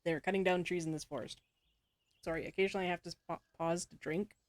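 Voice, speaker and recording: With a lowish voice and steady tone, a woman reads through a story game quickly, adding casual comments. She laughs frequently and keeps correcting herself while reading.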